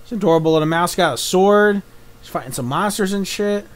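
A young man giving live reaction commentary, excitable, thinking aloud and swearing often. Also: high-pitched, brisk. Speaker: YouTube reaction host.

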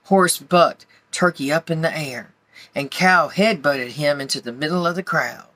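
A woman gently reading a children's picture book aloud to young listeners. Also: sits low, moderate pace, no echo. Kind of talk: storybook read-aloud.

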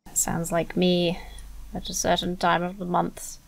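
A woman's voice: fairly low pitch, monotone, unhurried, creaky. A woman streaming a game who chats, jokes and mutters to herself. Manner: chatty, joking, talks to herself. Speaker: let's play streamer. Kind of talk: casual gameplay commentary.

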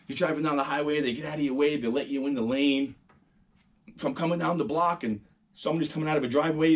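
A middle-aged man, hosting a casual, profane and animated monologue. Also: a little high, husky. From New York. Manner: animated, profane storytelling, acting out quoted voices. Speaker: host.

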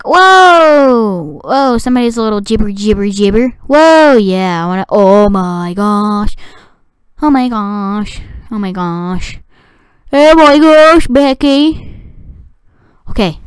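A woman giving excitable gameplay commentary, talking to the game and shouting at it. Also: mid-range voice, clear, resonant tone, no room sound. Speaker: gaming video creator.

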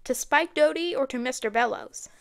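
Calm lawyer dad in a storybook, read by a woman, quiet and firm. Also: very high voice, moderate pace, gravelly, clean tone, pitched above the performer's own voice, full character voice. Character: middle-aged lawyer father, dry wit.

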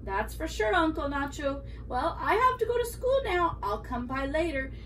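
A woman's voice: sits high, very animated, moderate pace, voice pushed up. A woman voicing a cheerful, eager young girl who dotes on her uncle, recorded from a distance with faint room noise. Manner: bright, eager and affectionate.

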